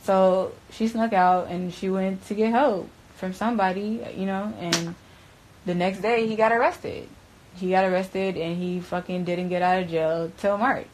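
A woman's voice: mid-range voice, steady tone, unhurried, darkish tone, a little hiss or hum, poor audio. A young adult woman from Broward County, Florida, telling a story as an interview guest. She talks in profane, slangy bursts and keeps saying "bruh.". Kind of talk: candid storytelling.

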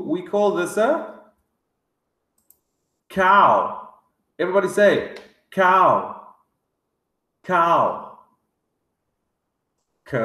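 Slow, lively man teaching kids words. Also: sits high, roomy sound. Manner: slow, exaggerated word drills with excited gasps. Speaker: English teacher for young children. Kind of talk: vocabulary lesson for kids.

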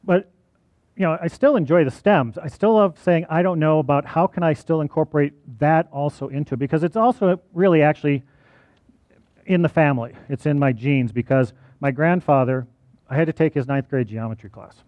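A man's voice: fairly high pitch, fairly quick, dry recording, dull audio. A male college teacher giving a personal talk to an audience, conversational and often checking in with "right?".

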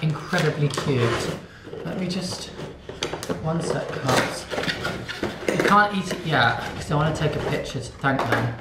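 A man's voice: fairly high pitch, roomy sound, noisy background. A man chatting casually in a home vlog, cooing at his dog now and then. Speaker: vlogger. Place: at home indoors.

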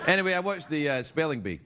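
A man with a Scottish accent delivering a comedy monologue as a late-night talk show host, jokey and animated, often laughing, before a loud studio audience. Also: a little high, heavy background noise. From Scotland. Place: television studio stage. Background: audience laughing and cheering.

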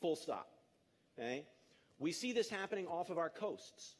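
Conference speaker, man in his fifties, emphatic and lively with the crowd, voice a bit higher than most. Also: moderate pace. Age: 50s. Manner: energetic, emphatic, engages the audience. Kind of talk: live public talk.

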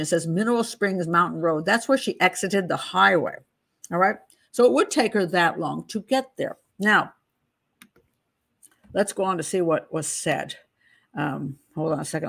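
A woman's voice: on the low side, normal speed, creaky, a bit bright, breathy edge. A middle-aged woman hosting a true crime channel, walking through a case file in a chatty, digressive way and laughing at her own asides. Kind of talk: casual case walkthrough, reading statements aloud.

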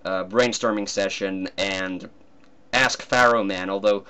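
A man's voice: deep voice, fairly even intonation, unhurried, bright, forceful tone, clean tone. A man from Finland, a guest cartoonist talking in a casual commentary chat, hesitant and often breaking into laughs.

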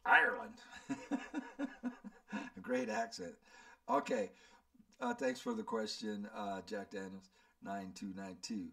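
A man's voice: on the low side, very animated, slow pace, creaky, long pauses, pushed and bright, distant mic. A man in his seventies, a channel host, rambling and thinking aloud as he answers viewer questions. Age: 70s. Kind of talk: casual Q&A chat.

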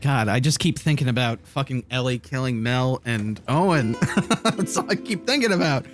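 A man's voice: mid-range voice, animated, normal speed, music in the background. A man giving emotional, sweary let's-play commentary while playing a story game. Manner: emotional, swearing, laughing reactions. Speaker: gaming video host.

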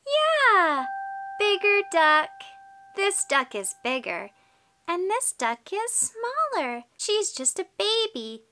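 A woman teaching toddlers in a slow, exaggerated sing-song voice, full of gasps, repeated words and encouragement. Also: very high-pitched, huge pitch swings, sharp tone, a little hiss or hum. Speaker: children's teacher and host.

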